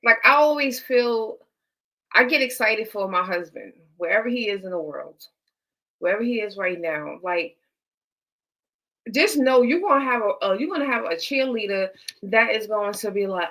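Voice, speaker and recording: A woman's voice: medium pitch, animated, moderate pace, pushed and bright, low-quality recording. A woman hosting a live stream, giving faith-based, motivational dating advice with an emphatic, repetitive, preacher-like cadence and features.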